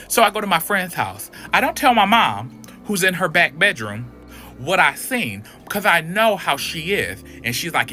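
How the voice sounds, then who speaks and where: A man telling a casual storytime in an animated, profane way, acting out what people said. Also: high voice, normal speed, soft background music. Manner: animated, profane, acts out quotes. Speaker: storyteller in a played clip.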